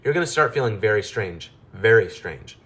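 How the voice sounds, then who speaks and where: A man's voice: on the low side, expressive, normal speed, a bit bright. A man voicing an exasperated male mad-scientist mouse who grumbles and scolds wearily in a storybook tale.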